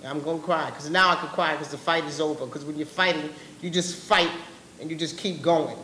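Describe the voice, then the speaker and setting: A woman's voice: deep voice, fairly quick, bright, forceful tone. A woman giving personal testimony as a speaker at a public forum, talking in a blunt, impassioned, colloquial way. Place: meeting room at a live public event. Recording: roomy live-event recording with faint background noise.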